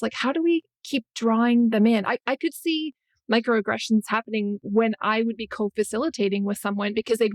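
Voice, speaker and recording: Woman host, gravelly, reflective, dry close sound. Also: mid-range voice, no room sound. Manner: thoughtful, searching, thinks aloud. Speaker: podcast host. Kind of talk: conversational interview.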